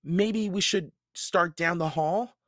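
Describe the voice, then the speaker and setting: A man voicing an eager young girl in a read-aloud storybook, putting on a high girlish voice. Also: takes it slowly, fairly bright tone, no room sound, clean studio sound. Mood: worried.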